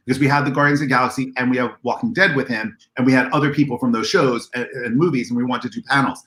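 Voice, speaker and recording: A man on a video call, telling convention stories in an animated way and acting out the dialogue in a raised voice. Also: medium pitch, quick pace, hardly any pauses, roomy sound. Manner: excitable, acts out dialogue in a raised voice. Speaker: convention organizer guest. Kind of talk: animated storytelling on a livestream.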